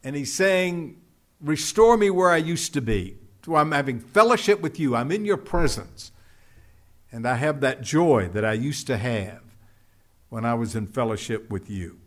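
A man's voice: medium pitch, animated, a little slow. A man preaching a sermon, explaining scripture verse by verse with emphatic repetition and dramatic drops in volume. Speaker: pastor.

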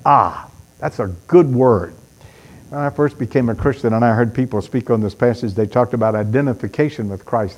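A man's voice: mid-range voice, vocal fry, a little mellow. A man preaching a sermon, reading Bible verses aloud with dramatic emphasis and talking to the congregation in conversational asides.

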